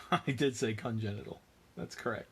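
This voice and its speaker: A man's voice: mid-range voice, moderate pace, creaky, a bit bright, slight background noise. A man hosting a miniature painting livestream, chatting casually as he works and answering viewers with dry, self-mocking humor.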